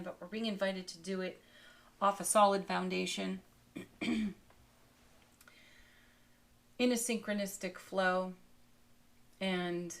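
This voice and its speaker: Slow, soothing woman reading cards. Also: fairly low pitch. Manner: slow, soothing, with frequent soft laughs. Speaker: tarot card reader. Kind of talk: daily spiritual card reading.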